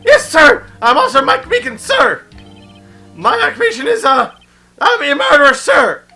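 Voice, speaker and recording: A man voicing an overeager young police officer who shouts and barks "sir" after everything, in a video game playthrough. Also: very high-pitched, very animated, normal speed, vocal fry, soft background music, full character voice. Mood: frantic. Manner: shouting, barks 'sir' constantly.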